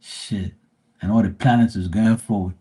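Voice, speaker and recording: On a casual live stream, a man reads tarot and slides into loose, joking talk laced with swearing. He has a low, slightly husky voice and tells stories at a normal speed in a relaxed, rambling manner.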